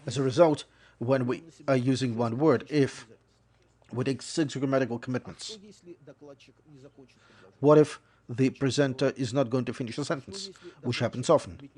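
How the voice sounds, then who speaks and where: A man voicing an English lecture on interpreting, explaining at a measured pace and often correcting himself as he goes. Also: medium pitch, darkish tone, slightly rough.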